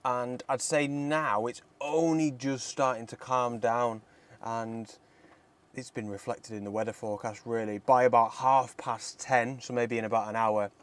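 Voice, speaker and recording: A man's voice: mid-range voice, steady tone, measured pace. A young man, vlogging casually and enthusiastically outdoors by a lake, laughing often. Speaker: landscape photography vlogger. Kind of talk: casual vlog to camera.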